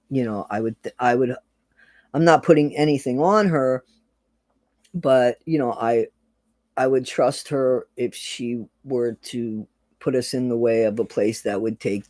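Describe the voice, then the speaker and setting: A man's voice: mid-range voice, darkish tone, no room sound. Earnest, emotional man chatting live. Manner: earnest and emotional, swears casually, greets chatters by name. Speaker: live-stream host. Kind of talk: casual live-stream chat, reading out viewer comments.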